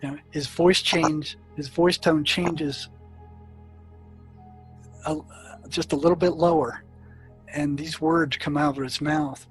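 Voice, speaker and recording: An older man tells stories from his years as a psychiatrist, his voice a touch higher than most men's. He talks in loose runs full of fillers and restarts. Faint music plays quietly under the recording. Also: fairly even intonation, takes it slowly, pauses often, poor audio. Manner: anecdotal, many fillers and restarts. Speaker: psychiatrist telling his experiences. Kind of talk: storytelling in an interview.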